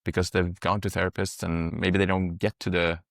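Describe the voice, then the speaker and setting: A man's voice: sits low, little pitch movement, moderate pace, gravelly, fairly bright tone, no echo, studio quality. A man working as a psychedelic guide, talking casually on a podcast, explaining things through long rambling metaphors and swearing freely.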